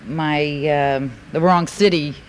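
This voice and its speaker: A woman's voice: sits low, steady tone, slow pace, rough recording. A woman speaking to a convention crowd, rambling and heartfelt, full of fillers. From New York. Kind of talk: recovery share at a convention. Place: large convention hall. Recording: faint hiss from a 1980s tape.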